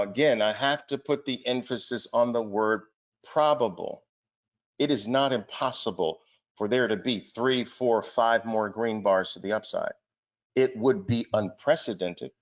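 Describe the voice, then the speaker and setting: This lo-fi clip captures a man with a lowish voice delivering a market talk at a trading seminar. He's forceful in tone and keeps asking his listeners rhetorical questions.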